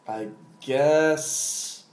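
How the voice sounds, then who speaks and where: A man's voice: on the high side, extremely slow, a little mellow. Hesitant American man, echoey room. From United States. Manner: laid-back, hesitant, many fillers. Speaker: guest. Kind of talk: casual chat.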